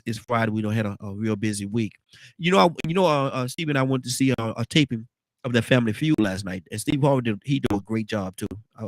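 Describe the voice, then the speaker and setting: A congested man with a baritone voice hosting a casual morning talk show, rambling and repeating his words. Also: dry recording. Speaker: radio show host.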